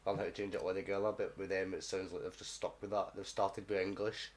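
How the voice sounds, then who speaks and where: A man's voice: low-pitched, little pitch movement, quick pace. A young Scottish man, a guest rapper, talking bluntly and swearing in casual chat.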